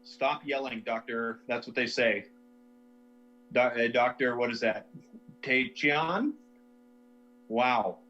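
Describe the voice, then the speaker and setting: A man's voice: medium pitch, slow, long pauses, sharp tone, dull audio. A man hosting a comedy livestream, rambling through viewer suggestions with self-mocking asides. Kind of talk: casual livestream chat.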